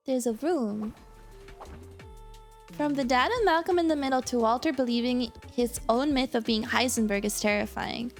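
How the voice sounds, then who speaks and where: A woman streamer chatting casually while playing a game, giggling often and reading messages from her chat, with a hiccup now and then. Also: a little high. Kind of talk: casual gameplay commentary.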